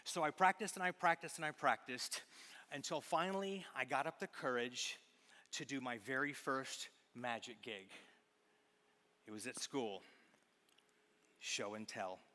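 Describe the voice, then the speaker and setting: Male stage magician and speaker, playful then reflective, bright tone, echoing auditorium. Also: mid-range voice, measured pace, long pauses. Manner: playful, teasing with a volunteer, then reflective storytelling. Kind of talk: live stage talk with magic. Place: large auditorium with audience. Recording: long hall reverb.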